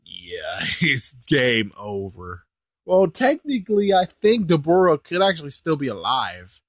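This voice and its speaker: A man's voice: a little high, huge pitch swings, a little slow, no room sound. A young man giving a casual, rambling episode commentary, laughing as he talks. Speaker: host.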